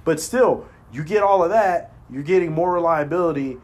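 A man talking in a casual chat, blunt and profane, telling animated stories as a podcast host. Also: fairly high pitch, normal speed, a little hiss or hum.

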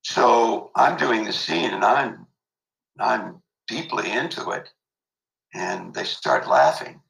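Gravelly older man telling a story. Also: on the low side, very animated, takes it slowly, a bit bright, echoey room, poor audio. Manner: reflective, emotional, many fillers. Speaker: interview guest. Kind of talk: storytelling interview.

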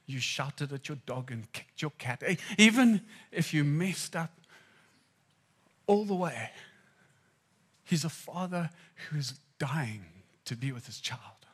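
A man from Zimbabwe preaching a sermon, telling personal stories and swinging between hushed and loud moments. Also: a little high, animated, slow, breathy edge.

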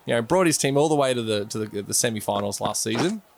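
A man's voice: mid-range voice, expressive, fast talker, creaky. A man doing casual, chatty co-commentary on a simulated cricket match. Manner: loose and chatty, with fillers and laughs.

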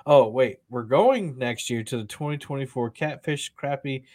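A man telling stories in a relaxed podcast chat, his pitch sitting in an ordinary middle range. He rambles, restarts his sentences and laughs often. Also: moderate pace. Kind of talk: casual chat.

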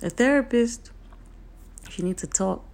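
A woman's voice: a little high, lively intonation, normal speed, gravelly, a little mellow. A woman from Nigeria, giving an earnest, emphatic motivational talk to her viewers, repeating her key points, her voice a little off today. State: voice a bit off today.

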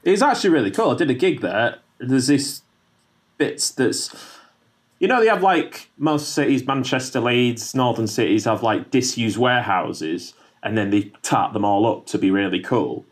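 Male podcast co-host, rambling and jokey, very animated pitch, casual swearing. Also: moderate pace. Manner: rambling, swearing, laughing often. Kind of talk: casual chat with jokey impressions.

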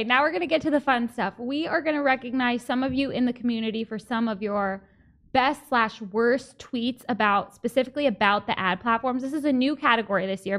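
A woman co-hosting a podcast in casual chat, playful and sarcastic. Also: fairly high pitch. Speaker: podcast co-host.

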